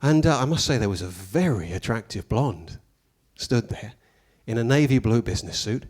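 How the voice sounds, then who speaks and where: A man doing a stand-up comedy routine, telling stories in a deadpan, mock-pompous way with dry asides. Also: medium pitch, normal speed.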